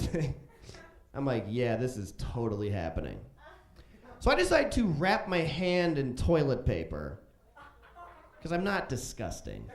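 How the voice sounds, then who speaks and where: Animated comedian from Chicago in a roomy club. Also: male voice, fairly high pitch. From Chicago, USA. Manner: animated, profane, jumps into loud voices for quotes. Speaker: stand-up comedian. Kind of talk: stand-up comedy storytelling. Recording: roomy club stage echo.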